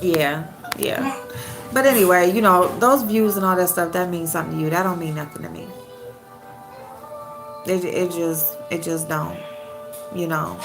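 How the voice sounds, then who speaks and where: Woman host chatting live to her viewers, blunt and talkative, with some gravel in her voice. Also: lowish voice, a little slow, pauses often, over music, low-quality recording. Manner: talks straight to the chat, blunt and chatty. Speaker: livestream host. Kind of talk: casual live-stream chat with viewers.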